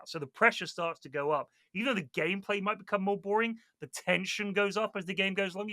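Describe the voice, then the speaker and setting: A man talks casually on a podcast, swearing often as he tells his stories. His voice sits high and sounds very bright, recorded dry and close. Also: quick pace, few pauses, no echo. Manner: animated storyteller, swears a lot, mimics other players. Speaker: guest.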